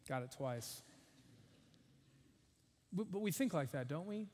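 A man's voice: fairly high pitch, animated, normal speed, pauses often, darkish tone, long reverb tail. A man preaching a sermon as a pastor, earnest and emphatic, with wry asides.

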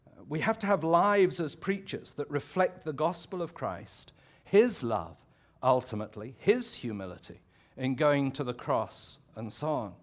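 A man's voice: medium pitch, lively intonation, unhurried. A man with an English accent, a pastor preaching a sermon in a conversational, reflective way, often restarting his phrases and adding asides. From England.

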